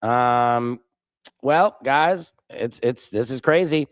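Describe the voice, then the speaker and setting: A man from Missouri hosts a live stream, reading viewer comments aloud and answering them bluntly and sarcastically, reacting loudly to clips. His voice is mid-range and he takes it slowly, with no room sound on the recording.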